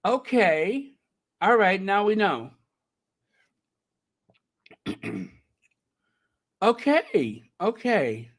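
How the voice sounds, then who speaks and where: Chatty male host, slightly high voice, unhurried reaction commentary. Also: very animated. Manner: chatty, talks straight to viewers, thinks aloud. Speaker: channel host. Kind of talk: casual live reaction commentary.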